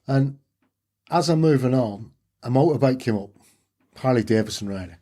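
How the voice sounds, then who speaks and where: A man's voice: mid-range voice, moderate pace. A man with a Yorkshire accent, a podcast guest telling his story and acting out the dialogue in it. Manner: animated storyteller who acts out dialogue. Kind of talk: personal storytelling interview.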